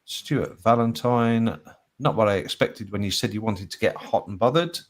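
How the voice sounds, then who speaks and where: A man's voice: on the low side, moderate pace. A man hosting a live show, reading out viewer captions and laughing often between them. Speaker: host.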